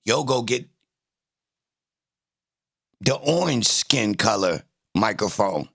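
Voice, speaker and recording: A man hosting a livestream, talking in a casual, animated, boastful way full of profane trash talk. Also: fairly low pitch, very slow, vocal fry. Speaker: livestream host.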